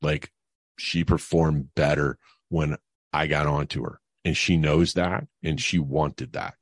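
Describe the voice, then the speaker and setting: A man's voice: a bass voice, steady tone, slow pace, husky, no echo, clean studio sound. A middle-aged man and financial advisor, talking casually as a podcast guest and telling stories with lots of fillers. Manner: rambling, filler-heavy, enthusiastic storyteller. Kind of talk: casual interview talk.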